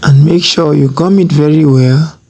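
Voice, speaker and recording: A sewing tutor giving a slow, step-by-step tutorial, checking in with viewers again and again and stressing each technique. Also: medium pitch, steady tone, warm tone, slight background noise. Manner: slow, repeats "have you seen?" often; instructive, emphatic on technique.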